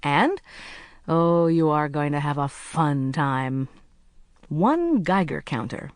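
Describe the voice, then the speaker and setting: A narrator voicing a cheerful, brisk young male agent in an audiobook. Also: mid-range voice, animated, no room sound, studio quality. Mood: breezy. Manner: brisk, blithe, chatty. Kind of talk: audiobook character voice.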